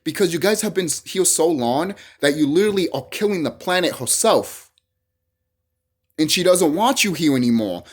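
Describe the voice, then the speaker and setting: Vlogger, ranting solo to camera: husky voice, pitch swinging wide, profane and repetitive. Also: animated, normal speed. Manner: heated, profane, repeats phrases and restarts.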